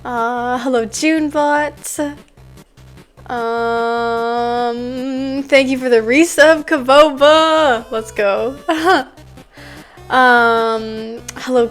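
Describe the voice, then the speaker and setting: Giggly high-voiced woman streamer. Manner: giggly, laughs often between sentences; chatty, drawn-out, loose with fillers. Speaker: streamer greeting chat. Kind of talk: casual stream chat.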